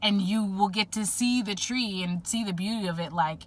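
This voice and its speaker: A woman's voice: mid-range voice, moderate pace, close to an everyday voice. A woman voicing a practical, puzzled young male prince who explains things matter-of-factly, in a retold vision. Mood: explaining.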